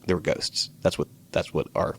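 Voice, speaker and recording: A man co-hosting a casual podcast, musing in a relaxed way about old cartoons and swearing now and then. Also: normal speed. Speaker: podcast co-host. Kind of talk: casual chat recapping cartoons over drinks.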